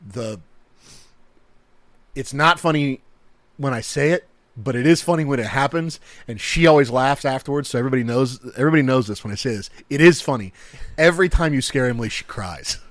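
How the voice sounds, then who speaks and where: A man's voice: mid-range voice, normal speed, fairly bright tone, no echo. Podcast cohost guy, laughs a lot, rambly stories, dead dry sound. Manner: laughs often, loose rambling storytelling. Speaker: podcast co-host. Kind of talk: casual chat.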